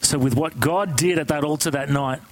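A man preaching a sermon, telling a story in an animated, conversational way and asking the congregation questions. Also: fairly high pitch, brisk, poor audio.

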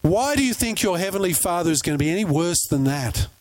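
A man preaching with a high, bright-sitting voice. He tells stories with animation and keeps firing questions at his listeners. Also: quick pace. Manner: animated storyteller, asks the crowd questions. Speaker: pastor. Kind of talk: sermon.

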